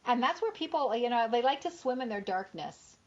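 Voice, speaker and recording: Female radio host, a bit high-pitched, conversational, spiritual talk, muffled lo-fi broadcast sound. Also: expressive, brisk. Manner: chatty, explains with lists of opposites and rhetorical "right?". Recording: dull lo-fi radio audio.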